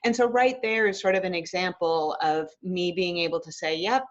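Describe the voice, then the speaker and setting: A woman's voice: fairly low pitch, fairly even intonation, normal speed, highs cut off. A woman clinical psychologist, a guest in a casual webinar conversation over a video call, speaking in a thoughtful, earnest and reflective way.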